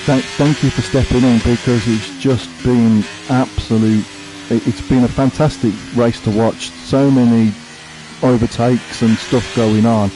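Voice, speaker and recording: A man's voice: mid-range voice, fairly even intonation, measured pace. A man giving live, chatty commentary on a sim-racing event, thinking aloud as he watches. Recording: faint background noise.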